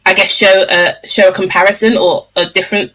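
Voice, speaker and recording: Bright, husky woman speaking bluntly. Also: mid-range voice, brisk, poor audio. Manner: blunt and animated. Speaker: guest. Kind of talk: casual book discussion.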